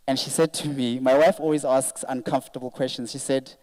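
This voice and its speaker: A man's voice: medium pitch, fast talker, hardly any pauses, a little mellow, low-quality recording. A man, the event organizer, giving an earnest and emotional thank-you speech to an audience at a live event. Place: event venue, speaking to an audience.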